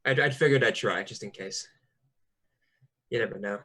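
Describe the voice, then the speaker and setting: A man's voice: on the low side, moderate pace, pushed and bright. Hesitant male player. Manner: hesitant, restarts often. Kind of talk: tabletop game play.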